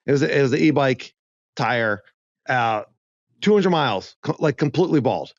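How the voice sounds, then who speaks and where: Male co-host, eager and animated, with a lively pitch, recorded dry with a somewhat muffled sound. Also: normal speed, no echo. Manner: enthusiastic, reflective, stumbles over words. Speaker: podcast co-host. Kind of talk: casual chat.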